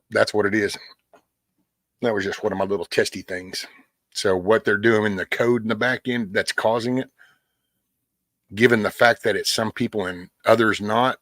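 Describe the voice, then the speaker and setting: A man's voice: fairly low pitch, a bit bright, dry recording. A middle-aged man, rambling casually on a livestream and answering chat by name. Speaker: livestream host. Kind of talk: casual live-stream chat.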